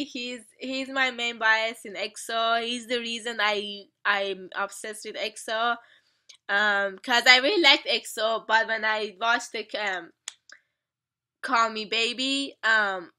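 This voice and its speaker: A young woman hosting a casual music video reaction, gushing and stammering with excitement. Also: on the high side.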